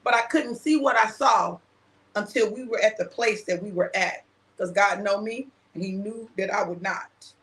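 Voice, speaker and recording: A woman's voice: mid-range voice, normal speed, a bit bright, roomy sound. A woman minister hosting a casual chat, telling a personal story with laughter and acting out the quoted dialogue. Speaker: minister and show host.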